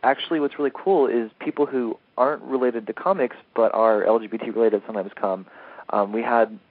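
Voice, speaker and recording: A man's voice: mid-range voice, a little fast, no room sound. A man being interviewed as a comics editor, talking casually and eagerly, rambling a little and laughing easily. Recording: tinny phone-line audio.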